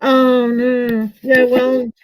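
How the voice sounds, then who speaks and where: A woman's voice: sits high, flat delivery, slow, rough recording. A woman hosting a live tarot stream, chatty and self-mocking, laughing often as she talks. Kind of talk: casual live stream chat.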